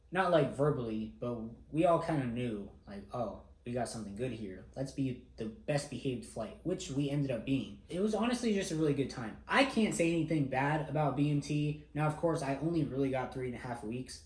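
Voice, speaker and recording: A man's voice: medium pitch, a little mellow. A young man casually recounting a personal story, laid-back and self-mocking, swearing freely. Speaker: vlogger. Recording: roomy echo.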